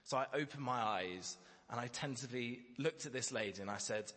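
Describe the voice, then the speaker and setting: A man gives a sermon, telling a personal story in a candid, self-deprecating way. His voice is bright and forward, with a long hall reverb around it. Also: mid-range voice, brisk. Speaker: preacher.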